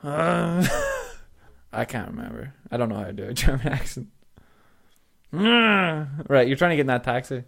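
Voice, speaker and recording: A man's voice: medium pitch, lively intonation, normal speed, creaky, long pauses, a bit bright. A young man co-hosting a podcast, giggling and teasing in casual banter. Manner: giggly, teasing, swears freely. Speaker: podcast co-host.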